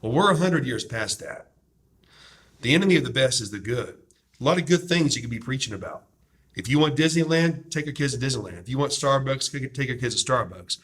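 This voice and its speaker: A man's voice: medium pitch, animated, a little fast, a bit bright. Fervent preacher-like male host. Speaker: host promoting a DVD series. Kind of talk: impassioned discussion.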